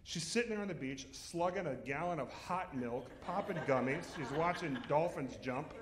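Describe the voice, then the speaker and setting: A man's voice: fairly high pitch, reverberant, slight background noise. A man telling a comic story on stage at a live storytelling show, laughing through his own lines.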